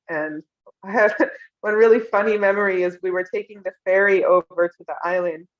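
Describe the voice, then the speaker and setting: A young woman recounting emotional personal memories in an interview, tender and often laughing softly. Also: lowish voice. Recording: dull lo-fi sound.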